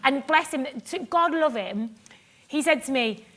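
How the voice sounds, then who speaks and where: Chatty high-voiced woman. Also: animated, unhurried, fairly bright tone. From Cumbria, England. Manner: chatty, self-mocking, laughs often, acts out quoted remarks. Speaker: guest author on stage. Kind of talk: animated live stage interview. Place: festival stage before an audience. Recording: live stage mic with audience ambience.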